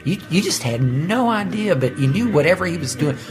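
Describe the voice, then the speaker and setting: A man's voice: on the high side, expressive, fairly quick, over music. Man relishing a memory in an interview. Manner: vivid, relishing storytelling. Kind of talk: recalled storytelling in interview.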